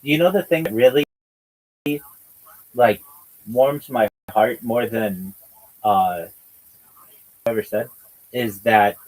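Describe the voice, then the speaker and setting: A man's voice: mid-range voice, slightly rough, poor audio. A man hosting a casual livestreamed podcast chat, teasing and rambling in a mock-lecturing way. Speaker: podcast host.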